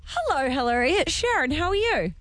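A woman's voice: high-pitched, big pitch swings, brisk, fairly bright tone, a little hiss or hum. A woman co-hosting a radio show, chatting, laughing often and reading listener texts aloud. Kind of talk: casual radio banter.

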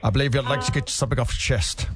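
A man doing a quick impression of a suave male spy, drawling in a lowered voice. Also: steady tone, slight background noise, close to an everyday voice. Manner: low, drawling, self-mocking.

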